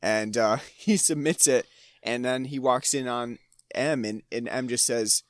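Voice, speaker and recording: A male podcast co-host talks casually about a movie, wandering through his points with many fillers and bursts of laughter. His voice sits at an ordinary pitch, recorded dry with no room sound. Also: unhurried, dry recording. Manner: rambling, hesitant, laughs often. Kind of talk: casual film discussion.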